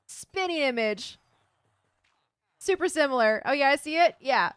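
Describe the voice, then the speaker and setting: A young adult woman streamer chatting casually with viewers while playing a game, animated and giggly. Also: high voice, a little slow, long pauses, no echo. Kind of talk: casual gameplay chat with viewers.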